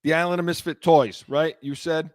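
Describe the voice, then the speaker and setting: Man, sports talk co-host, blunt, stammers, slightly high voice, dry close sound. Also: fairly even intonation, moderate pace, no room sound. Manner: blunt, stammers and repeats words when heated.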